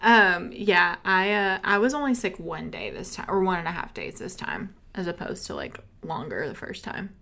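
A woman's voice: fairly low pitch, normal speed, creaky, few pauses. A woman with a Texan accent co-hosting a casual chat podcast, laughing often and acting out her own reactions. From Texas. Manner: chatty, laughs often, animated retellings. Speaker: podcast co-host.

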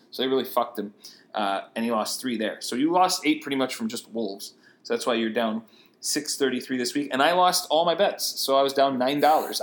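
A man co-hosting a casual sports podcast, chatty and quick to laugh as he rattles off lists of players and numbers. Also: medium pitch. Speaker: podcast co-host.

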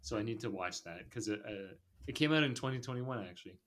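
A man's voice: fairly low pitch, expressive, fast, a bit bright. Rambling laid-back male podcast host. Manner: rambling, filler-heavy, laughs often. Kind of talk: casual chat.

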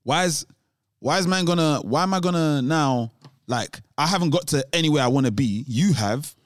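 A man's voice: on the high side, moderate pace, dry recording. Rambling man, slangy and dry. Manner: rambling, tangential, many restarts. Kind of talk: casual chat.

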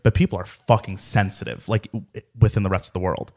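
Young guy from south florida telling a wild night-out story, swearing a lot, lively. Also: deep voice, quick pace. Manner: profane, animated anecdote telling with acted quotes. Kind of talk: casual storytelling chat.

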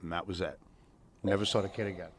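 A man's voice: low voice, steady tone, fast, husky, no room sound. A middle-aged man telling profane, streetwise stories in a casual podcast chat. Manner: profane, streetwise storyteller who acts out other people's voices. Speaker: podcast co-host.

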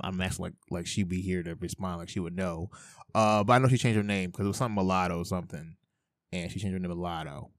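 This young man hosts a casual solo podcast, rambling, swearing and talking to himself. His voice is fairly low, and the studio sound is clean with no room noise, picked up by a headset mic.

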